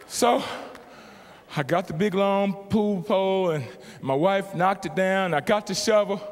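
A middle-aged man, a motivational speaker, telling a comic story to a live audience in an animated, exaggerated way with sudden yelps. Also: high voice, unhurried, some chatter behind, a little hiss or hum.

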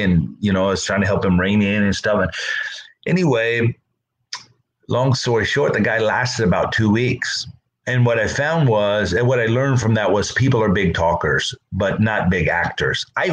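Middle-aged male pastor, lowish voice, casual sermon delivery, repeats himself, mimics quoted speakers. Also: rough recording. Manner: conversational, repeats words, acts out quoted voices. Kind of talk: casual Bible teaching.

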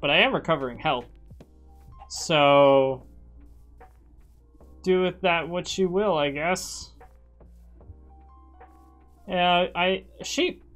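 A woman's voice: lowish voice, takes it slowly, long pauses. A woman streaming a video game in casual chat, jumpy and swearing often, shrieking when startled. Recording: faint music behind. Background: background music.

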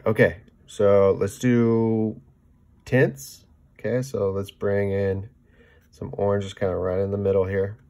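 A man giving a casual painting demonstration, chatting as he mixes paint, often checking in with "okay?" and trailing off softly mid-task. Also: lowish voice, gravelly. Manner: talks while mixing paint, trailing off softly. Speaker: painting instructor.

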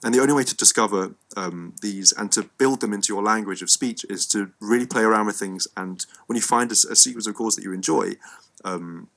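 A man's voice: fairly low pitch, a little fast, vocal fry, fairly bright tone. An English man with a cold, teaching an online music lesson in a rambling, playful way with frequent ums. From England. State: has a cold.

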